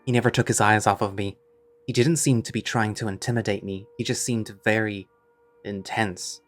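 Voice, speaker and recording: Low-voiced man narrating a story. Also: steady tone, moderate pace, fairly bright tone, soft background music. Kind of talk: first-person story narration.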